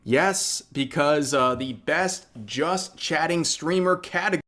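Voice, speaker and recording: A man's voice: a little high, measured pace, fairly bright tone. A man narrating a commentary video in a mocking, sarcastic way.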